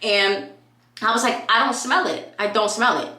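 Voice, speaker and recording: Bright, chatty New woman vlogging. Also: fairly high pitch, normal speed. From New York. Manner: chatty and animated, acts out what people said. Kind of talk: casual storytelling vlog. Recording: echoey room.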